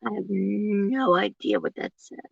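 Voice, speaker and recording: A woman in her forties chatting casually to viewers from her parked car, laughing often and getting animated when she quotes people. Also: medium pitch, creaky, breathy edge, dry recording, highs cut off. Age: 40s. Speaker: livestream host.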